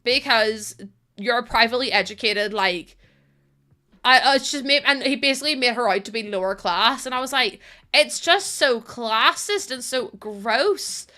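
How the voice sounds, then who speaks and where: Bright-voiced British woman streaming. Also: a little high, normal speed. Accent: British English. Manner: chatty and expressive, swears freely, laughs often. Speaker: live streamer. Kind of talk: casual chat while gaming on stream.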